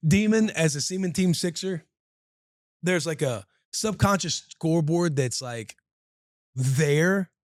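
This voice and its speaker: A man in his thirties, a podcast co-host, telling a long story in casual chat, animated and slangy. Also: a little high, slow, dry recording, studio quality.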